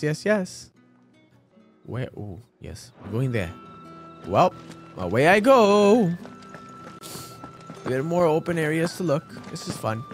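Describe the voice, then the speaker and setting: A man casually commenting on his gameplay, playful, crude and excitable, chatting to the characters on screen. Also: mid-range voice. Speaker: let's play gamer.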